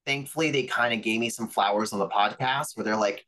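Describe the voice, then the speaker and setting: A man's voice: fairly low pitch, quick pace, few pauses, a bit bright, low-quality recording. A man, a pro wrestler guest, telling stories from his career in a chatty way, full of fillers and acted-out quotes. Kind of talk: casual storytelling interview.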